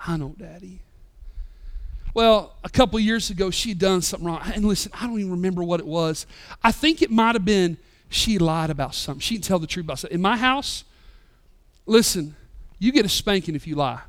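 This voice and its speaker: A man in his thirties, a pastor preaching a sermon with passion, rising loud and dropping soft. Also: high-pitched, quick pace. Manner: impassioned, swings between loud and soft. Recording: live church sermon podcast.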